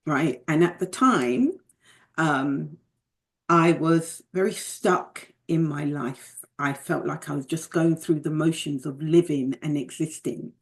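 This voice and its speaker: A woman's voice: sits low, slow. A middle-aged British woman, a guest from the United Kingdom, telling her personal story in a reflective, candid way, with remarks about faith.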